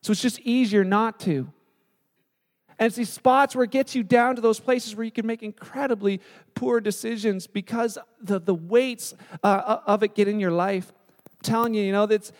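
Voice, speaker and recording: A male pastor preaching a sermon in a relaxed, conversational storytelling way. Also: high voice, moderate pace, big-room sound.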